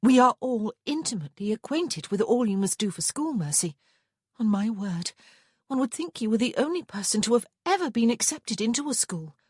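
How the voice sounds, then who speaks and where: A sweet but chiding young sister in a storybook reading, as a woman narrator puts her on, her voice breathy and raised. She scolds in a quick, sugary tone with lively pitch. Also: no echo, studio quality.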